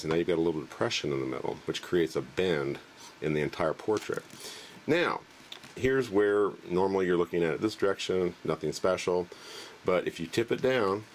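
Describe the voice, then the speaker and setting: A man casually demonstrating a magic trick in a relaxed, rambling, joking way. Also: sits low, slight background noise.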